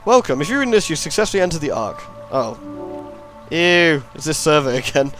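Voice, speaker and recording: A man's voice: fairly high pitch, very animated, normal speed, a bit bright, faint music behind. A man hosting a let's play, rambling and sarcastic as he comments on the game. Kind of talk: gameplay commentary.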